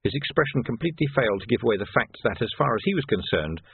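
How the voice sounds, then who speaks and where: A man reading a story aloud in a measured, wry narration. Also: medium pitch, big pitch swings, creaky, a little hiss or hum. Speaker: audiobook narrator. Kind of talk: scripted narration. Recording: tinny narrow audio, dry.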